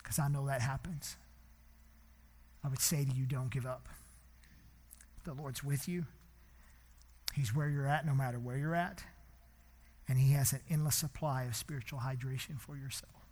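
A man preaching a sermon as pastor in a church, impassioned, swinging between hushed and loud. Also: mid-range voice, steady tone, moderate pace, long pauses, big-room sound.

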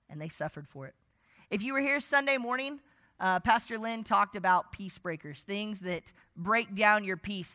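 A man with a bright, forceful tone delivers an evening sermon. He tells stories with lots of animation and sometimes drops almost to a whisper for quick asides. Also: high-pitched. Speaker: pastor.

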